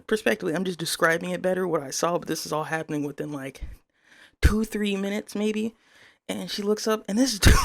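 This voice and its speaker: A young woman with a gravelly, fry-heavy voice tells a casual story, rambling and swearing freely. The sound is close and dry. Her retelling is animated throughout. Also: fairly high pitch, dry recording. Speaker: vlogger telling a story.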